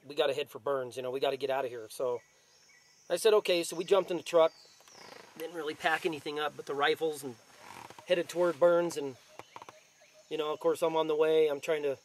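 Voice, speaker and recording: A man casually telling the story of his rattlesnake bite in an interview, rambling with many fillers. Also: on the high side. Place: outdoors in the desert.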